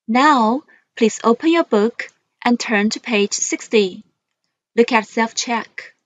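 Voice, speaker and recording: Very slow woman teaching English words. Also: a little high, dry recording. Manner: reads each word twice, slow and careful for pupils to repeat. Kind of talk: classroom vocabulary drill.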